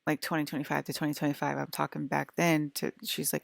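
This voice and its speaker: A woman with a low, gravelly voice talks straight to her viewers in a loose, wandering way, stringing thoughts together with constant "like"s. The sound is dry and close, with no room around it. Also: level tone, fast, few pauses, dry recording. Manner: rambling, full of "like" fillers. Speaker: vlogger. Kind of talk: casual monologue to viewers.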